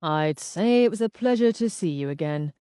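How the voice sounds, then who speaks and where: A woman reading the part of a calm, steady male police inspector who speaks in a measured, formal way. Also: high voice, clean tone, no echo, clean studio sound. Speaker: detective inspector.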